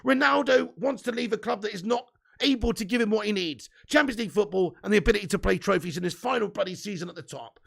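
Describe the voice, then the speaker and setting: High, gravelly, swearing man. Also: fast, a bit bright. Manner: profane, ranting, indignant. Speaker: fan channel host. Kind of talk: live stream rant.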